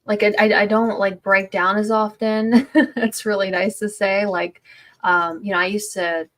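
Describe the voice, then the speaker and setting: A woman's voice: mid-range voice, level tone, a little slow, a bit bright. A woman, a stay-at-home mom, sharing her story in a casual livestream chat, rambling with many fillers and restarts.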